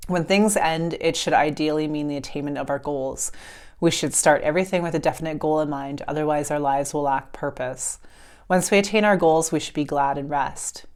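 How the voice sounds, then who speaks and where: A woman giving a casual tarot reading to her viewers, frank and blunt, sometimes swearing, and at times reading a book passage aloud in a calm, measured way. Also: deep voice. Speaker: tarot reader. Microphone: clip-on mic.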